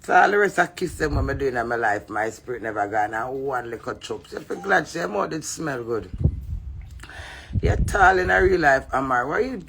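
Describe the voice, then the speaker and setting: A woman with a Jamaican accent ranting at a rival to camera, brash, profane and mocking, breaking into sudden loud cries. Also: fairly low pitch, slight background noise. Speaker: entertainer addressing a rival. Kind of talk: rambling taunting rant to camera.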